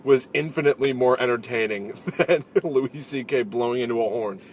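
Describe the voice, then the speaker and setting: A man co-hosting a relaxed talk show from inside a car, with clear road noise under his voice. He tells stories in an animated way and acts out the other people's lines. His pitch sits in an ordinary middle range. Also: moderate pace. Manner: animated storyteller, acts out quoted lines and laughs often. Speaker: podcast co-host. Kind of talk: casual chat.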